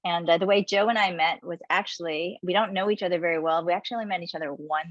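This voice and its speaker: A woman's voice: lowish voice, fairly even intonation, fast talker, no echo, highs cut off. A woman hosting a webinar, introducing a guest in a chatty, upbeat way and laughing easily. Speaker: webinar host.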